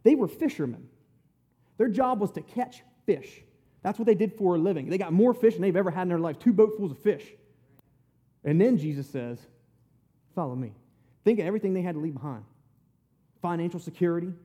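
A man's voice: high voice, lively intonation, brisk, dark tone, breathy edge. A man preaching a conversational sermon, retelling scripture in plain, folksy, emphatic words.

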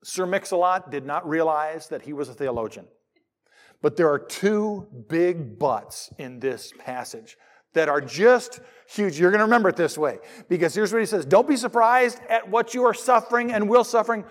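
A man's voice: sits high, moderate pace. A middle-aged man preaching a sermon in church, mixing jokes with scripture readings. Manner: animated, jokey preacher who reads scripture aloud. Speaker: pastor.

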